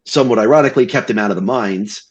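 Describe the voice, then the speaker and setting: A man's voice: lowish voice, very fast. A man describing his tabletop character, rambling with restarts and fillers. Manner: rambling, laughing easily. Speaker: tabletop game player. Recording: dull lo-fi mic.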